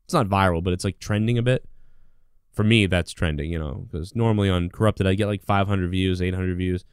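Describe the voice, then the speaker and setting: A man's voice: deep voice, fairly quick, smooth, dry recording. A man rants through a solo podcast episode, swearing often and circling back on himself. His talk is packed with fillers and restarts, sounding indignant yet casual. The recording is dry and close. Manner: profane, rambling, indignant, full of fillers. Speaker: podcast host. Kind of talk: solo rant.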